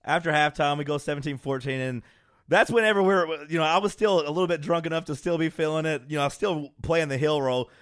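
A man's voice: fairly high pitch, quick pace, clear, resonant tone, no room sound. A man co-hosting a casual chat, telling a story with energy and acting out quotes. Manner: animated storyteller, acts out quotes, laughs often. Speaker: podcast co-host.

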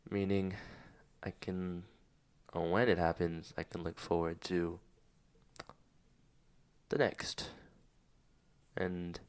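A man's voice: sits low, level tone, takes it slowly, long pauses, darkish tone, clear, resonant tone. A man hosting a personal podcast, talking candidly and emotionally about his struggles, rambling with many fillers and near tears. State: close to tears. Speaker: podcast host. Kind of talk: personal reflective monologue.

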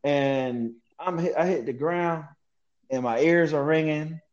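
A man telling a story as a guest in an interview, animated and slangy, mimicking sounds as he relives events. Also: a little high, a little slow, lo-fi sound. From United States. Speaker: guest, military veteran.

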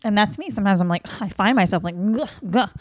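A woman's voice: medium pitch, very fast, no echo, studio quality. A woman co-hosting a podcast, joking and rambling in casual comedic chat. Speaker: podcast co-host.

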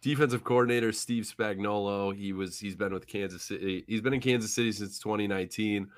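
A man's voice: lowish voice, steady tone, fairly quick, no room sound. A young man co-hosting a casual sports podcast, wry and mocking as he talks the team through. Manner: wry, mocking, slips into silly put-on voices. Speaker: podcast co-host.

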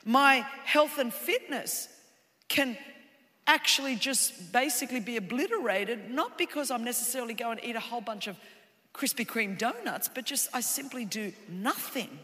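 A woman preaching a sermon, passionately building to shouts and then dropping low and close. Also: lively intonation, moderate pace. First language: Greek heritage speaker of English. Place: church auditorium. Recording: reverberant large hall.

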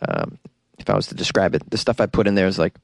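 A man's voice: sits low, wildly swooping pitch, fast, vocal fry, dry recording. A young man with a Boston accent hosting a solo podcast from a small closet studio, joking and self-deprecating with frequent laughs. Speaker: podcast host. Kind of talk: casual solo podcast chat.

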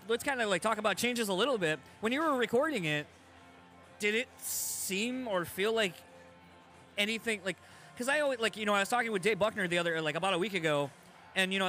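A man's voice: sits high, pushed and bright. A man hosting a casual interview, laid-back and laughing along with his guest. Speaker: podcast host.

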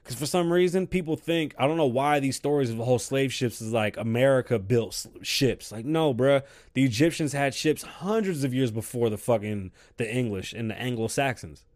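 A man hosting his own show, ranting his opinions heatedly and swearing constantly, swinging between loud outbursts and quiet stretches. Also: mid-range voice, expressive, moderate pace, few pauses. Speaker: show host. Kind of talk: profane opinion rant.

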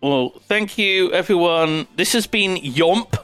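A man's voice: high-pitched, takes it slowly, fairly bright tone, smooth, faint music behind. A man co-hosting a podcast in casual chat, joking, teasing the others and swearing freely. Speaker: podcast co-host.

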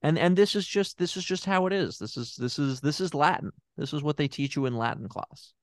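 A man's voice: fairly high pitch, a little fast, no room sound, lightly acted. A man playing a bumbling fake therapist in an improvised scene, hesitant and stammering while confidently explaining nonsense. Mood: deadpan.

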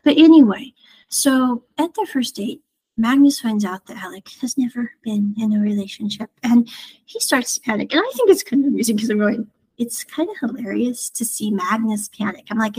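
A woman's voice: a little high, darkish tone, slightly rough, poor audio. A woman giving a casual spoken review of a TV series, rambling and digressive as she animatedly retells scenes.

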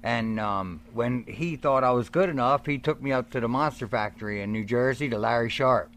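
A man's voice: medium pitch, normal speed, slight background noise. A man telling stories in a casual interview about his early days as a wrestler, acting out what others said. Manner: animated storyteller, acts out quotes. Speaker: guest, former wrestler.

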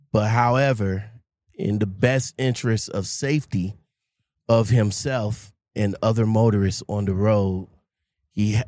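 A man's voice: on the low side, no room sound. Casual man hosting, many fillers, dry sound. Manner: informal, filler-heavy, gentle. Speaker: interview host. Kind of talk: casual interview.

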